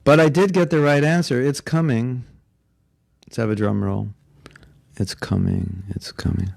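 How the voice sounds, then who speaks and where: In Alachua, Florida, a spiritual teacher leads a devotional class in an earnest, conversational style. His medium-pitched voice is steady, slightly slow, creaky, and a little mellow, sounding a bit congested and often shifting into quoted voices, with no room sound.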